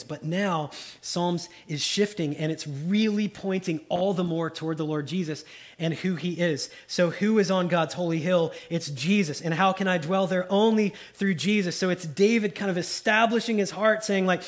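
A male pastor preaching a sermon in a conversational way, often checking in with the listeners and dropping soft for emphasis. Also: high-pitched, moderate pace.

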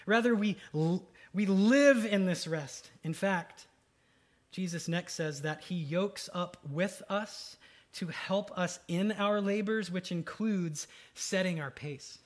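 Lively, conversational man preaching. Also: slow. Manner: dynamic, swings from loud emphatic to soft and low; conversational with fillers and asides. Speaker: pastor. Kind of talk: sermon.

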